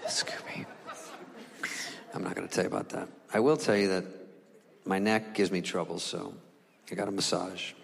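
A male stand-up comedian telling stories on stage, acting out the people and animals in them and swearing freely, with sudden high squeaks and low mutters. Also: little pitch movement, moderate pace, creaky, pauses often, husky. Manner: acts out voices of the people and animals in his stories. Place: stage in a large venue. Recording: live hall recording with audience.

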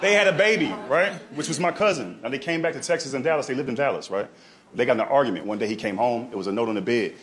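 A man's voice: mid-range voice, fast talker, a bit bright, slight background noise. A man telling a stand-up story in a conversational way, often checking in with the audience. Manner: conversational, keeps asking "right?". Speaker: comedian. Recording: live room with audience crowd. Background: audience laughter.

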